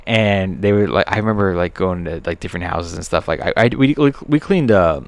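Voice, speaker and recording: A man co-hosting a podcast in a low, dry voice recorded close and without room sound. He talks in a loose, easygoing way and often trails off into filler words. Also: fairly quick, creaky, dry recording. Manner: laid-back, rambling, many fillers like "dude" and "like". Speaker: podcast co-host. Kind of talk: casual chat.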